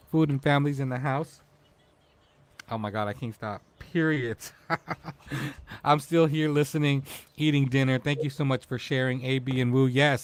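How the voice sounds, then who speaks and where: A man's voice: mid-range voice, clean tone, no echo. A man in his forties hosting a casual live-stream talk show, emotional and tearful as he speaks to his guest. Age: 40s.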